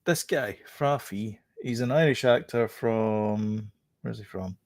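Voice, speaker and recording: A man's voice: fairly low pitch, slow, a little mellow, no echo, clean studio sound. A man co-hosting a casual film review chat, rambling with many fillers and restarts.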